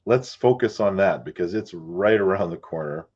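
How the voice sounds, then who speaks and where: Deep husky man hosting a podcast. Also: moderate pace, muffled recording. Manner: relaxed, chatty, with fillers and asides. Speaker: podcast host, realtor. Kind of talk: casual chat.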